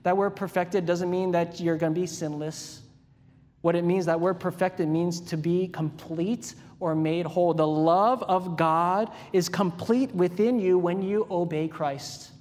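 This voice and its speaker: A man with a rather high voice, preaching a sermon. He talks in a casual, conversational way and asks the congregation questions. His voice rings with the long reverb of a church hall. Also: fairly even intonation, measured pace, darkish tone. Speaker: pastor.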